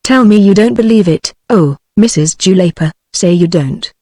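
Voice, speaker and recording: A British woman text-to-speech voice reading the part of a gentle, feeble and miserable young man, without changing voice. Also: mid-range voice, normal speed, no room sound, studio quality, lightly acted. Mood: pleading. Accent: British English. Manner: plain synthetic reading, no change of voice.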